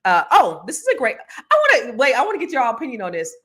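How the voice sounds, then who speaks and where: A woman's voice: on the high side, huge pitch swings, fast talker, bright, forceful tone. A woman hosting a casual livestream chat, reading viewer comments and talking bluntly, with cursing and heated rants. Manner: blunt and profane, swings between mumbling and heated ranting; reads viewer comments aloud. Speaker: host.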